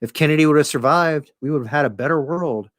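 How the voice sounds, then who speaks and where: A man's voice: a little high, fast talker, fairly bright tone, no echo, voice pushed up, natural voice. A man voicing a dying male time traveler who pleads earnestly and swears as he explains his plan, in a dry, close sound. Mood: urgent.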